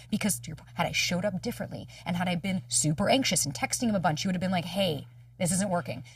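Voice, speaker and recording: Fast-talking husky woman coach. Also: on the low side, no echo, clean studio sound, far from the mic. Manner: fast, emphatic, swears freely, acts out quoted dialogue. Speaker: dating coach, podcast guest. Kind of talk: candid conversational coaching.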